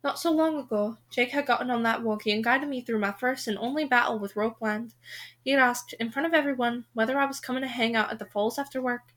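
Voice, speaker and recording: A woman reading a first-person novel aloud, expressive in her storytelling. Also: fairly high pitch, quick pace. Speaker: reader.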